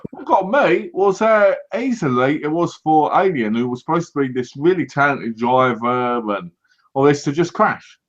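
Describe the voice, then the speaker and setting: A man co-hosting a movie review, retelling scenes in a lively way and often laughing. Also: on the high side, normal speed. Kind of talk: casual chat. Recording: dull lo-fi home recording.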